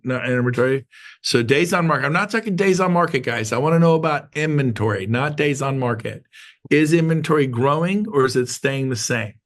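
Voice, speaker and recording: A middle-aged man coaching a group over a video call, with a gravelly edge to his voice. He talks emphatically and repeats his points, firing questions at his listeners. His pitch sits in the ordinary middle range. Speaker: host of an online real estate training call.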